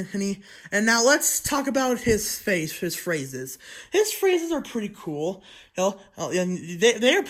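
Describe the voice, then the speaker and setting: A toy reviewer talking through a casual review video, excitable and rambling, with many restarts and frequent throat clearing. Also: mid-range voice.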